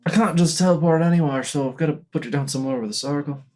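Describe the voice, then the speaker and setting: A man's voice: fairly high pitch, very fast, pitched above the performer's own voice, natural voice. Man doing a brash, cursing wizard. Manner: loud, blustering and profane.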